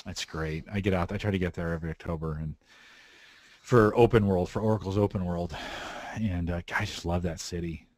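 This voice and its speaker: A man from the San Francisco Bay Area hosting a podcast, talking in a relaxed, rambling way. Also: deep voice, brisk, dry recording. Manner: relaxed, rambling, frequent restarts. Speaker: podcast host. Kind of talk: casual chat.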